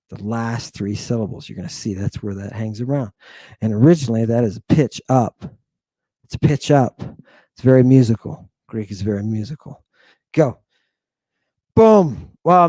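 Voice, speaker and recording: A man teaching Ancient Greek words, dramatic and teasing, who swings from loud exclamations to low murmurs and draws out his pronunciations. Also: dry recording, studio quality. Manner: teasing, confrontational with the listeners; drawn-out emphatic pronunciation.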